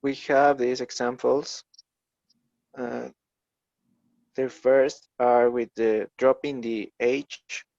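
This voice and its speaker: A young man, a native Spanish speaker, reads his part of a class presentation in English, slowly and carefully, with pauses. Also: medium pitch, little pitch movement, vocal fry, a little mellow, no echo, lo-fi sound. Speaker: student presenter.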